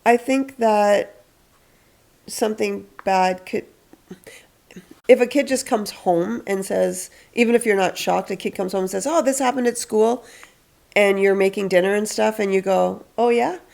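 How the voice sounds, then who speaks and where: Lady counsellor chatting on a podcast, bit of fry in her voice, acts out parent lines. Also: medium pitch, steady tone, measured pace, a little mellow. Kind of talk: casual advice chat.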